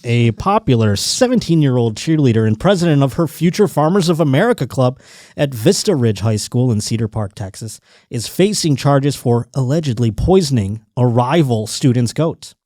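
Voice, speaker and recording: Animated, foul-mouthed podcast host man. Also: medium pitch, moderate pace, dry recording, studio quality. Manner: profane, joking, rambling. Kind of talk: casual podcast chat.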